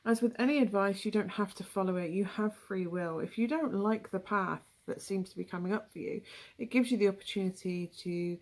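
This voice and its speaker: A young tarot reader from England with a West Country accent gives a casual, rambling reading full of asides and ums. Her mid-range voice has a darkish tone and moves fairly quickly.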